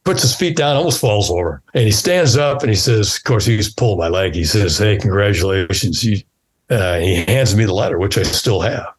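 A man's voice: fairly low pitch, moderate pace, slightly rough. A man in his sixties, a former fighter pilot, telling stories casually in an interview and acting out the dialogue. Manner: animated storyteller who acts out quoted dialogue.

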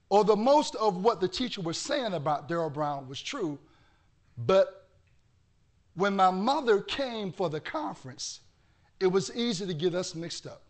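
A male pastor preaching a sermon with animated storytelling that bursts into shouting. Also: high-pitched.

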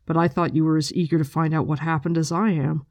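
A reader voicing a stubborn, earnest young man who speaks slowly and patiently. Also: medium pitch, no echo, clean studio sound, natural voice. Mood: puzzled. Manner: slow, steady and patient.

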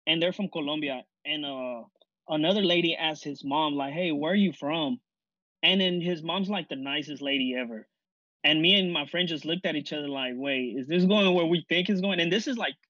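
A man's voice: a little high, sharp tone, no echo, dull audio. A young man telling a story in a casual group conversation, easygoing and full of fillers. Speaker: discussion participant.

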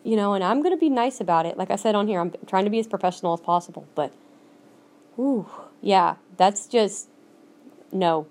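Slightly fast and a bit mellow, her mid-range voice has lively intonation. This Minnesota woman rants alone on her own podcast, emphatic and blunt, repeating herself to press her points.

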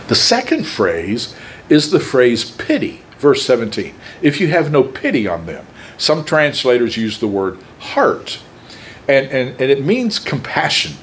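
A man preaching a sermon, emphatic and conversational, with pauses between phrases. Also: medium pitch, wildly swooping pitch, a little hiss or hum.

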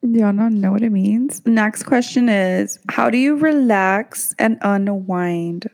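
A woman's voice: mid-range voice, slow pace, gravelly, a little mellow. Giggly young woman telling stories. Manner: giggly storytelling, heavy use of "like". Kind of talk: casual chat.

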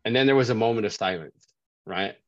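Low-voiced man telling his story. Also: a little fast, no echo. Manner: conversational, keeps asking "right?". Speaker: sobriety coach guest. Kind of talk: casual storytelling interview. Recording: dry, dull lo-fi call audio.

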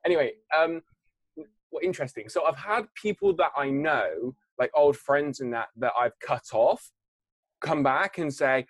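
A man's voice: fairly high pitch, expressive, unhurried, dry recording. A man chatting casually about business, rambling with many restarts and asides. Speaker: entrepreneur guest. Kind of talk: casual chat.

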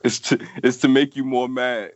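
A man's voice: medium pitch, level tone, normal speed, no room sound. A man in casual film chat, reacting in a laid-back way and swearing. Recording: dull lo-fi recording.

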